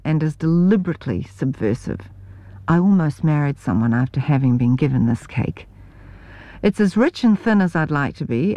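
A New woman reads her memoir with a wry, deadpan edge. Her voice sits a little low yet moves with lively inflection. The recording is close and dry. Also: dry recording. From New Zealand. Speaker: memoir reader. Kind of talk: scripted narration.

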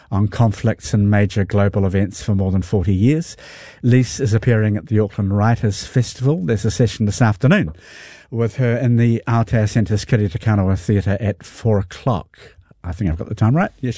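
A man's voice: mid-range voice, dark tone, dry recording, studio quality. A man with a New Zealand accent hosting a Sunday morning radio interview, introducing his guest formally and bantering easily. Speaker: radio host. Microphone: studio mic.

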